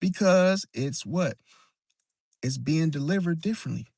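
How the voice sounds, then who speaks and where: A man's voice: a little high, lively intonation, a little slow, darkish tone, no echo, studio quality. A man hosting an astrology video, talking casually and emphatically, keeps asking "see?" and calling the listener "bro", often restarting and repeating words as he explains. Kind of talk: casual monologue to camera.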